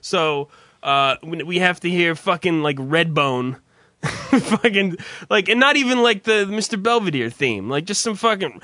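A man's voice: high voice, expressive, a little slow, bright, forceful tone, no room sound, clean studio sound. A man hosting a radio show, ranting bluntly in casual chat, swearing constantly and stumbling through restarts.

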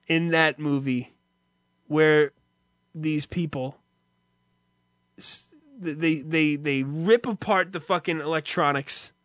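A man telling an exasperated, profanity-laced comic story in an animated way. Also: a little high, dry recording, clean studio sound. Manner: animated, exasperated, swears a lot.

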